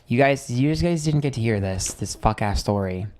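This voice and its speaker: A man hosting a tarot livestream tells a story in a casual, rambling, profane way, sounding exasperated and dramatic. His fairly low, expressive voice moves at a moderate pace, swinging between quiet asides and loud outbursts.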